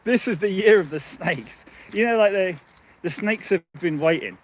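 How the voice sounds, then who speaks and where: A man's voice: high-pitched, lively intonation, normal speed, a little hiss or hum. Rambling man chatting outdoors. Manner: rambling, chatty, laughs often. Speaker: livestream host. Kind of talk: casual live chat. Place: outdoors on a muddy path. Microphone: handheld phone.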